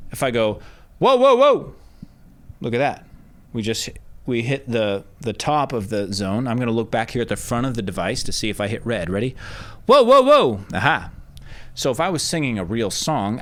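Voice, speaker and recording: A medium-pitched male voice belongs to a music producer casually demonstrating his vocal recording process. He explains things step by step and lets out loud sung test shouts, holding a dynamic mic a foot or so away in a home studio treated with curtains and rock wool.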